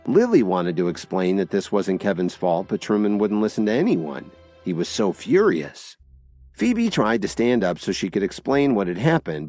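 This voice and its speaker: A man narrating an audiobook drama in a dramatic, expressive style. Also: sits low.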